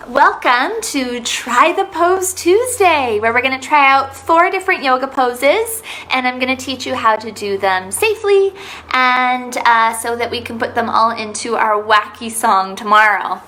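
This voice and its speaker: A woman's voice: high-pitched, expressive, unhurried, sharp tone, reverberant, distant mic, slight background noise, poor audio. A young woman leading a children's yoga lesson, playful and sing-song, making animal sounds as she teaches.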